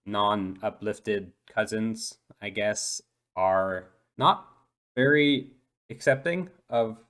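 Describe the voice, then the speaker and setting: A man's voice: lowish voice, a bit bright. A man voicing an eight-year-old dolphin boy in a tabletop role-play, who talks hesitantly with many ums and restarts.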